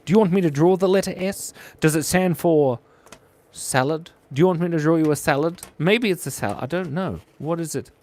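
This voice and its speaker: A man's voice: a little high, fairly quick, a little hiss or hum. An Australian man hosting a live drawing stream, chatting playfully and reacting to viewer chat as he draws. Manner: playful, animated, reads viewer chat aloud.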